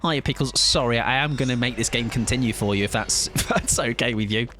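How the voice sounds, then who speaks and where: A gaming streamer from southern England chats casually with viewers during a live stream, making self-deprecating jokes and quick asides to chat. His mid-range voice is bright and forceful, with soft music playing in the background.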